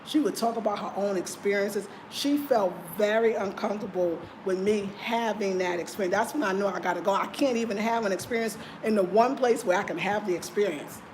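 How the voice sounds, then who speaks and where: American woman on a livestream, heartfelt, chatting with her viewers, mid-pitch voice. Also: fairly quick, hardly any pauses, noisy background. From United States. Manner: earnest and heartfelt, addressing viewers directly. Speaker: livestream host. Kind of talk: casual livestream chat, reading viewer comments. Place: indoors in Ghana.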